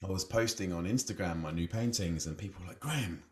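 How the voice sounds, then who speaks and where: A man's voice: low-pitched, quick pace, darkish tone. A man telling his story casually as a podcast guest, chatty and self-deprecating, laughing often and leaning on "you know".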